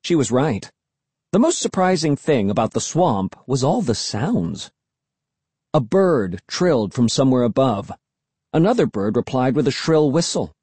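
Husky, mellow-voiced male narrator, lively storybook delivery, dry close mic. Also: mid-range voice, unhurried, dry recording. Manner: expressive, first-person storytelling. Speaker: audiobook reader.

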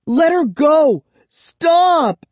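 Panicky young boy, man reader putting him on, high pleading voice, dry close mic. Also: lively intonation, moderate pace, dark tone, no room sound. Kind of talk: audiobook reading.

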